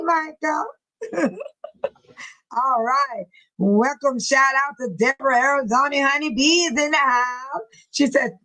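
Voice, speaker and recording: A woman's voice: fairly high pitch, fairly bright tone, rough recording. Chatty woman hosting a livestream. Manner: chatty, laughs often, greets viewers by name. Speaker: livestream host. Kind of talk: casual livestream chat, reading comments aloud.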